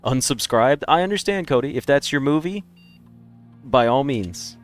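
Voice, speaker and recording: A man's voice: mid-range voice, animated, normal speed, soft background music. A man streaming a game, chatting casually and rambling through opinionated takes. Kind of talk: casual live-stream chat.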